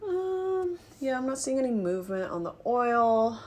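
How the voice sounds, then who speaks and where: A woman's voice: a little high, a little slow. A woman chatting casually to the camera while she cooks in her small apartment kitchen, thinking aloud and wandering between thoughts. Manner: relaxed, rambling, thinks aloud. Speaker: vlogger cooking at home. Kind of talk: casual talking-to-camera chat while cooking.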